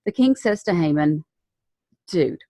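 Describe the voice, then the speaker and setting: A woman's voice: fairly low pitch, animated, a little slow, no echo. A woman giving a casual Bible lesson, retelling the story in a chatty way with slang and frequent self-corrections. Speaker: Bible teacher.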